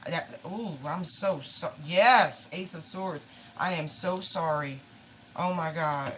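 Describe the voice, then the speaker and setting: A woman's voice: low voice, fairly even intonation, slow, a little hiss or hum, poor audio. A woman giving a casual tarot reading, emotional and pleading, swearing freely and calling her listeners y'all. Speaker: tarot reader.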